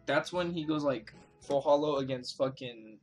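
A man's voice: mid-range voice, normal speed, faint music behind. A young man, hosting a gameplay recording and chatting in a rambling way, full of swearing and fillers. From New Jersey. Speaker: host, game player. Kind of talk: casual chat over a gameplay recording.

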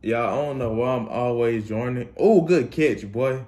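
A young man, bursting into loud exclamations over the plays. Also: mid-range voice, normal speed. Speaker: reaction channel host. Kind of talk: casual sports highlight reaction.

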